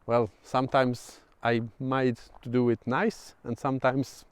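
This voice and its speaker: A man's voice: mid-range voice, little pitch movement, unhurried, clear, resonant tone. A man with a Polish accent talking through a casual vlog, hesitant, with many fillers and restarts. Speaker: vlogger. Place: outdoors at sunset.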